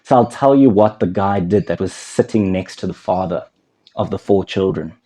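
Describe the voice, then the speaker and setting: A male counsellor with a fairly low, mellow voice talks straight to the viewer in a conversational way. He tells a story and keeps asking what you would do. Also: normal speed. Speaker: anger management counsellor. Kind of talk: direct-to-camera teaching talk.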